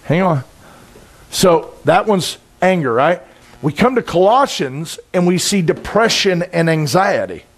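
A middle-aged man preaching a sermon in a conversational, intense way, with sudden loud bursts. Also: sits high, lively intonation, a little slow. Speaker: pastor.

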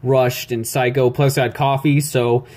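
Young man, casual tutorial narration, rambling, jittery, self-mocking asides, average pitch. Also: flat delivery, a little slow, darkish tone. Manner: rambling, jittery, self-deprecating, talks to himself while drawing. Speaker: YouTube animation tutorial maker. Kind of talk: casual screen-recorded tutorial. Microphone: phone recording.

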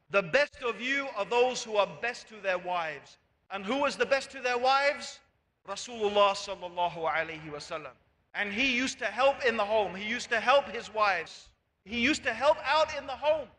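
High, bright-voiced preacher in a hall. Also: male voice, lively intonation, moderate pace. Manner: rhetorical questions to the audience. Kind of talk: sermon. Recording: long hall reverb.

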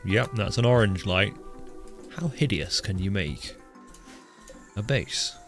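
A man with a fairly low voice chats through a live gameplay stream. He jokes and talks straight to the characters on screen. Faint music plays underneath. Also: animated, slow, pauses often. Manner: chatty, joking, talks to his game characters. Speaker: game streamer.

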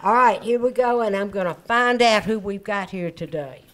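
A woman's voice: mid-range voice, normal speed, a faint crowd. Upbeat woman hosting a party. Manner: upbeat, chatty, jokey. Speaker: event host.

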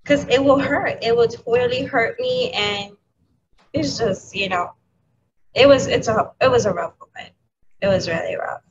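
A woman with a fairly high voice talks candidly in an interview, pausing and restarting with soft laughs. The sound is dull and lo-fi, and a steady noise runs underneath. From New York City. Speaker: educator, interview guest. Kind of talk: emotional interview talk. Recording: dull lo-fi audio with clear background noise.

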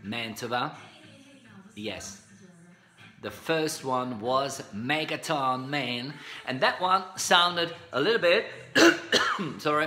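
A middle-aged man from Spain, slightly hoarse, telling stories from his singing career to a camera in a meandering, chuckling way full of fillers. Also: a little high, pushed and bright. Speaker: singer recalling his recording career. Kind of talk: casual storytelling to camera. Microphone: camera mic.

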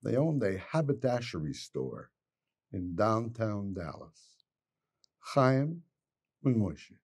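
A man telling a joke, storytelling with animated character voices. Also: lowish voice, slow, slightly rough. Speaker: joke teller.

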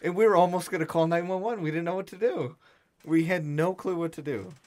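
A young man co-hosting a podcast, chatting casually as he tells stories. He talks in a loose, animated way and acts out each person he quotes. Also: on the high side, brisk. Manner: animated storyteller acting out quotes. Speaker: podcast co-host. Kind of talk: casual storytelling chat.

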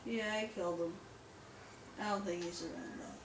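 This let's play host has a lowish voice with fairly even intonation and a normal speaking speed. She rambles through casual gameplay commentary, joking about herself. There's a roomy echo, faint noise and a distant-sounding mic.

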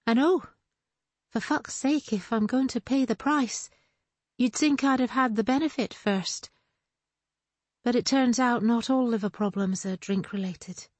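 A woman reading an audiobook, voicing a blunt, swearing young woman who is gravely ill. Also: on the high side, unhurried, dry recording, pitched above the performer's own voice. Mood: defiant. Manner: swearing, defiant, sardonic. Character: blunt sick young woman, sharp-tongued sister.

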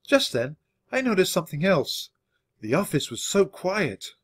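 A man reading a children's book aloud for English learners, with expressive, animated storytelling. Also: high voice, measured pace, husky. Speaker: storybook reader.

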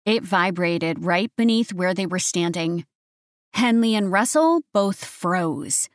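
A woman narrating a romance audiobook in a steady, even reading voice. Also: lowish voice, takes it slowly, dry recording, studio quality.

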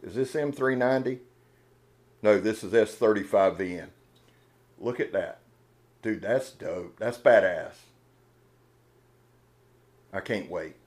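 A man's voice: on the low side, slow pace, long pauses, a little mellow. A man hosting a knife channel, talking in a casual, earnest and emotional way, rambling with restarts. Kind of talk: casual unboxing vlog talk.

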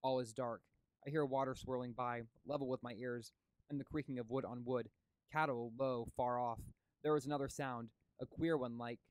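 A man voicing a young woman who speaks slowly and dreamily from a trance. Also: mid-range voice, steady tone, darkish tone, clean tone, dry recording, lightly acted. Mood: entranced.

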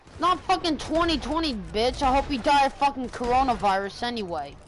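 High-pitched raging woman streamer. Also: animated, a little fast, slight background noise. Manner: raging, swearing, yelling at chat. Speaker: gaming streamer. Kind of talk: live game streaming.

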